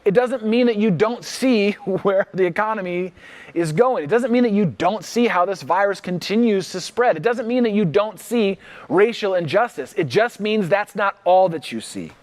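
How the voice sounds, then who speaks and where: A male pastor preaching a livestreamed sermon with no congregation present, acting out worried reactions and repeating key lines slowly for emphasis. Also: sits high, expressive. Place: church, livestreamed without congregation.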